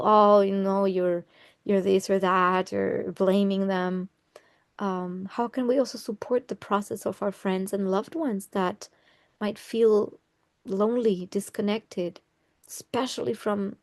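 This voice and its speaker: A woman's voice: mid-range voice, no room sound, studio quality. A woman astrologer giving an earnest, casual talk, often restarting her phrases and laughing lightly between thoughts.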